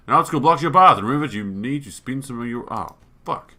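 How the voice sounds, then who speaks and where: Male let's player, bright tone, casual and profane, reading game prompts aloud. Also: medium pitch, expressive, brisk. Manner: thinks aloud, swears, reads on-screen text. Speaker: gaming YouTuber. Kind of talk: let's play commentary.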